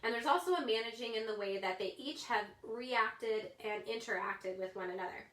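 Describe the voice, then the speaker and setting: Chatty woman Bible study leader, higher voice, roomy echo. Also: normal speed, a bit bright. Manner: chatty, many fillers and asides. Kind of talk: casual Bible study talk. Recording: echoey room.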